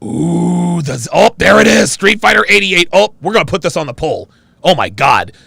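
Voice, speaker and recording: Dude hosting a stream, gets super worked up, gravelly voice, pitch bouncing everywhere. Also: male voice, normal speed, dry recording. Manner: excitable, loud exclamations, frequent laughing. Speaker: live-stream host. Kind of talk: casual live-stream reaction chat.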